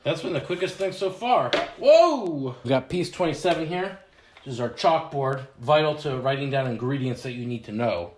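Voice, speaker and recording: A man's voice: medium pitch, a little fast. Young guy deadpanning through a diy build, echoey room, bit of background hiss. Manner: mock-serious, deadpan humor about a toy kitchen. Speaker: realtor hosting a home renovation video. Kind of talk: joking do-it-yourself walkthrough.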